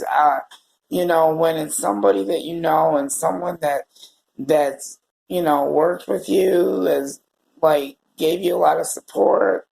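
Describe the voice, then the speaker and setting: A male vlogger talking to his viewers in a tearful, emotional way, halting and close to crying. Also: a little high, gravelly, rough recording. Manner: emotional and halting, often addressing viewers as "you guys". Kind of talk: personal video diary.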